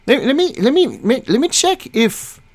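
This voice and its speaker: A woman's voice: high voice, big pitch swings, a little slow. A woman host ranting angrily through a reaction commentary, profane and exasperated, often stumbling and restarting her words. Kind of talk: angry reaction commentary, reading a document aloud.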